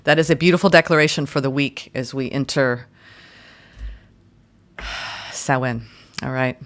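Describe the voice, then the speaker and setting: A woman giving a guided tarot and astrology reading in a gentle, soothing way, speaking in slow, deliberate phrases. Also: very deep voice. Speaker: tarot reader.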